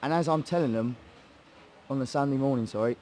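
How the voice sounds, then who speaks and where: A young English man with a Hertfordshire accent spins a loose, laddish story about his start in cage fighting. His pitch sits in the middle, his talk is full of swearing and mimicked voices, and a faint hiss runs under the recording. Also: fairly quick, darkish tone. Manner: chatty, swearing, laddish banter, acts out quoted voices. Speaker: guest, MMA fighter. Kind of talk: casual storytelling interview.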